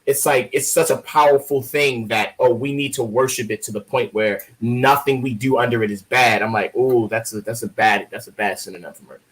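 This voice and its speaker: A man's voice: mid-range voice, brisk, few pauses, low-quality recording. A man from Baltimore, a guest poet, chatting casually in an interview and telling joking, profane stories. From Baltimore, USA. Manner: joking, profane, lively storyteller.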